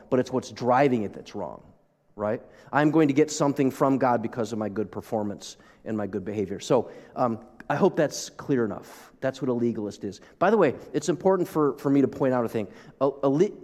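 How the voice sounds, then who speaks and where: A man's voice: mid-range voice, darkish tone. A man preaching a sermon as pastor, talking in a conversational way with asides to the congregation. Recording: long reverb of a large hall.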